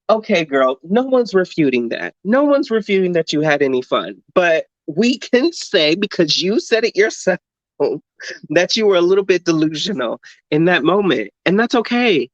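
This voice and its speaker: Very animated and high-pitched, this male podcast co-host talks at normal speed, delivering a sassy, blunt review packed with profanity in a casual conversation. There's no room sound, just a dull, dry lo-fi recording.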